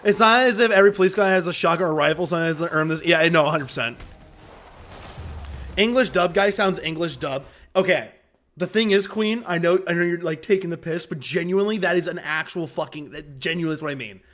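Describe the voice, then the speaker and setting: Casting note: high-voiced male streamer, chatty and opinionated, swears freely while playing. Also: fairly quick, fairly bright tone. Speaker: gaming streamer. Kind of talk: casual gameplay commentary.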